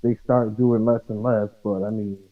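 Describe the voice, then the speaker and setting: A man's voice: lowish voice, level tone, normal speed. Male caller, wry and provocative questioning, tinny phone line. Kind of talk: call-in advice chat.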